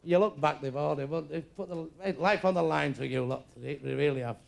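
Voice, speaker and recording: A man's voice: fairly high pitch, fairly even intonation, a little fast, gravelly. An older man doing live stand-up, bluntly and crudely teasing people in the audience. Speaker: stand-up comedian. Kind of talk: live stand-up crowd work. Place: comedy club stage. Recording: live club recording with background noise.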